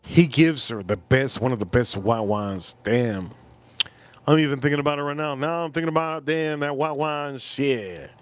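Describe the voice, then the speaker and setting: A man's voice: medium pitch, normal speed, no room sound. A man hosting a livestream, telling a rambling story in a casual way, often repeating phrases and swearing in passing. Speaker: livestream host.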